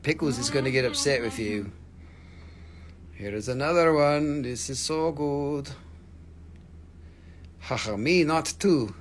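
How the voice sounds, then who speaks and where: This crystal seller jokes and rambles through his live sales chat, swearing freely. He speaks in a mid-range voice at an unhurried pace, pausing often, over a little hiss or hum.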